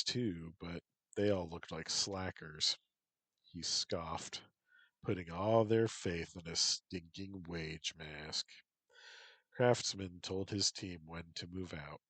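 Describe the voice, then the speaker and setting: Slow, low-voiced male story narrator. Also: fairly bright tone, slightly rough, no room sound, rough recording.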